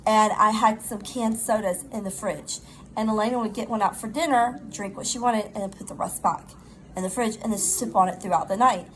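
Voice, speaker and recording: A middle-aged woman, chatting casually in a rambling, animated storytime while recovering from pneumonia. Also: mid-range voice, slight background noise, low-quality recording. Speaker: vlogger.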